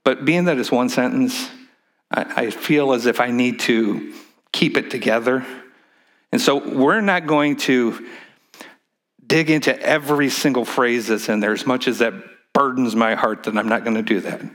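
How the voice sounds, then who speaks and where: A man's voice: medium pitch, moderate pace, a bit bright. A male pastor preaching a sermon in a church, speaking in a conversational, joking way, leading the congregation in call-and-response and often repeating words as he restarts.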